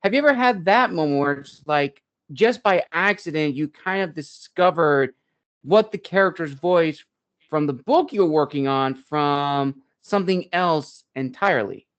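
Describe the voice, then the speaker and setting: Smooth-voiced male podcast host. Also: on the high side, expressive, a little slow, fairly bright tone, lo-fi sound. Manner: rambling, long winding questions. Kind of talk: interview questions.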